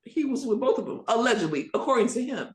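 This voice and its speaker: A woman hosting a casual TV recap chat, blunt and animated, steering the talk and prompting the others for their final thoughts. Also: on the high side, fast talker, a crowd in the background. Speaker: podcast host. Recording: echoey room.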